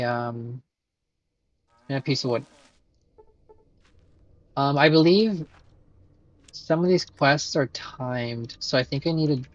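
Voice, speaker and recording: A man's voice: mid-range voice, dull audio. A man streaming a game, casually commenting, swearing and laughing as he reads dialogue aloud. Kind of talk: live gameplay commentary, reading dialogue aloud.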